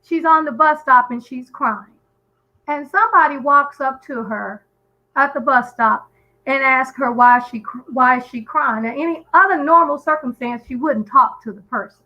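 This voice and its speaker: A woman's voice: high voice, moderate pace, dull audio. A woman calling in to a live stream, telling a story in an earnest, emphatic way with frequent restarts. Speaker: guest caller on a live stream. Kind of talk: casual call-in chat.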